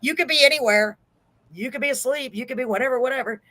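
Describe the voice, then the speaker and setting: A woman hosting a faith talk show, chatty and self-deprecating, quick to laugh. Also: sits high, pushed and bright, no echo. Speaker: host.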